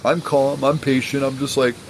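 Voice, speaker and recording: A man's voice: mid-range voice, flat delivery, normal speed, slight background noise, rough recording. A father speaking in a personal vlog monologue, earnest and aggrieved, insisting on his side of the story.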